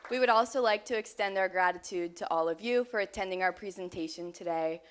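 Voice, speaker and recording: A woman's voice: mid-range voice, brisk, smooth, some chatter behind. A young woman, a college student, giving a formal, scripted presentation to an audience. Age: young adult.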